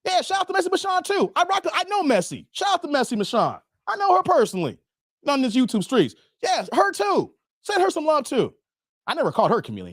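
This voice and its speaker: A man's voice: extremely high pitch, wildly swooping pitch, fairly quick, no room sound, clean studio sound. A man hosting a livestream commentary, emphatic and rambling, who repeats himself and uses a lot of slang. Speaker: YouTube commentary host. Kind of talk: livestream commentary with donation shout-outs.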